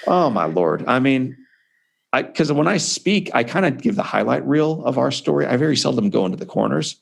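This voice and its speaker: Gravelly-voiced man telling a heartfelt story. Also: medium pitch, very animated, normal speed. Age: 40s. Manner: emphatic, conversational, many "like" and "man" fillers. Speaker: author and speaker, guest. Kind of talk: heartfelt personal storytelling in an interview.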